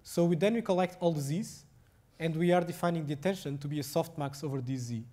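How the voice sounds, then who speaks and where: Speaking with a Portuguese accent, a young adult man works through a technical lecture in halting fashion, restarting often and leaning on fillers. His voice is slightly high with a dark tone.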